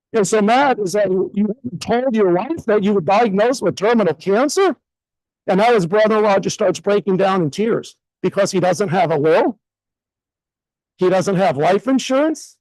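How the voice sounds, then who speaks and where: A man telling an emotional story on stage at a business event, acting out what others said and dropping his voice low at key moments. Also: a little mellow, dry recording, rough recording. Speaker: event speaker. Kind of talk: motivational stage talk. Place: event hall.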